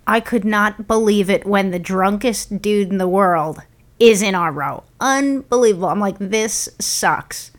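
A woman's voice: medium pitch, moderate pace. A woman chatting as a co-host, chiming in with dry, exasperated asides. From New York. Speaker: podcast co-host. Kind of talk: casual chat.

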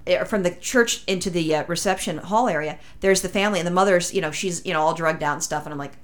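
Rambling lower-voiced woman telling a story. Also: fast. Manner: rambling, animated anecdote with acted-out quotes. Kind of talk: casual storytelling chat.

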